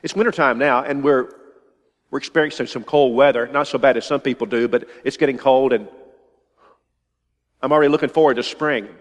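A man's voice: mid-range voice, a little fast, pauses often. An older man preaching a sermon, emphatic and often repeating phrases for stress. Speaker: pastor. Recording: long hall reverb.

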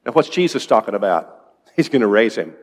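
A man's voice: fairly low pitch, very animated, fairly quick. A male preacher giving an evening sermon in a conversational way, asking his congregation questions. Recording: long reverb in a large hall.

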